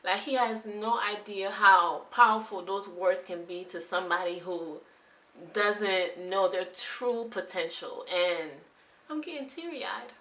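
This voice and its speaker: A young woman who is a new registered nurse vlogs to camera, speaking candidly and emotionally in a chatty style, often restarting her sentences. Her mid-range voice is steady, a little slow and a bit bright. She's recorded off the mic from a distance in an echoey room.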